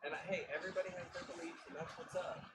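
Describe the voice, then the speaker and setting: A man's voice: high-pitched, steady tone, rapid-fire. A man in a workshop cracking wisecracks and laughing with friends. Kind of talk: casual workshop banter. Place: noisy prop workshop. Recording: distant mic, loud sanding noise.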